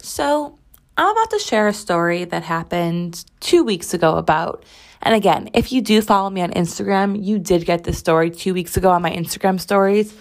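A young woman hosting a weekly show, telling a story in a casual, animated and sarcastic way, full of rambling asides. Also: on the low side, moderate pace. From United States. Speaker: podcast host.

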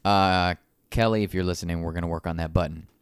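Low-pitched man for a crude, giggly podcast co-host; smooth, dry close-mic sound. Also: fairly even intonation, quick pace, no room sound. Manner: laughs often, swears freely, teasing. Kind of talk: crude casual banter.

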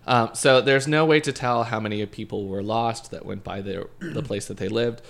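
Gravelly low-voiced man telling a story. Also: steady tone, normal speed, fairly bright tone. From Scotland. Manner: reads a story aloud with asides, laughing. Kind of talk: casual podcast storytelling.

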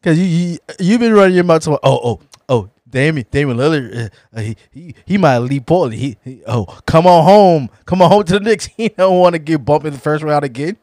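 A high-voiced man co-hosting a sports podcast, needling his partner, laughing often and tripping over his words. The sound is close and dry, with no room around it. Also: animated, fairly quick, hardly any pauses, a little mellow, no echo. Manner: teasing, laughing, stammering. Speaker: podcast co-host. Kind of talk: casual sports debate.

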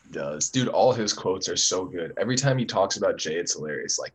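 A man's voice: deep voice, lively intonation, moderate pace, slightly rough. A young man in easygoing casual chat who laughs often.

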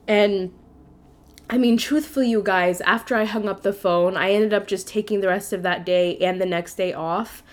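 Woman podcast host, mid pitch, candid storyteller who swears casually. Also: fairly even intonation, normal speed. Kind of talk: personal storytelling monologue.

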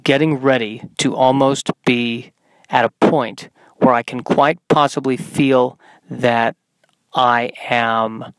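A young man hosting his own podcast from inside a car, talking in a deadpan, self-mocking comedic monologue. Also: medium pitch, clear, resonant tone, no echo, poor audio. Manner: deadpan, self-mocking, slips into silly put-on voices. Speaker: podcast host.

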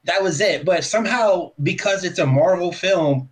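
A man's voice: high voice, moderate pace, poor audio. A man chatting casually on a podcast panel, rambling and enthusiastic, with lots of fillers. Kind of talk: casual chat.

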